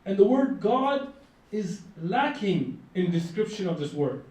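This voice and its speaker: A man giving a lively, conversational campus lecture, drawing the audience in with questions. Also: high-pitched, measured pace. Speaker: lecturer on Islam. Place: college lecture room. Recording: very echoey room, mic far off.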